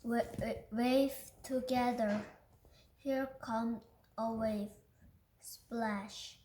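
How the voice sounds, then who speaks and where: A Korean-native woman reads a children's picture book aloud, carefully and haltingly, restarting words as she goes. Her voice sits a little high and she reads very slowly. The room around her is echoey. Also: steady tone, warm tone, a little hiss or hum. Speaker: reader.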